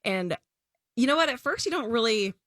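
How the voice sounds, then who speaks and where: A woman co-hosting a podcast, casually describing a film she reviewed, animated and quick to laugh. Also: on the high side, no echo, studio quality. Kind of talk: casual chat.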